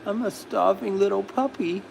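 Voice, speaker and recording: A man voicing his hungry young male pet dog, begging for food in a soft, pleading mumble. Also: high voice, normal speed, creaky, noisy background, pitched above the performer's own voice.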